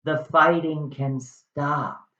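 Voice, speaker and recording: A man voicing a grave ruling prince, speaking in a solemn, measured way. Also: a little high, steady tone, pushed and bright, full character voice. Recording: roomy, slightly dull recording.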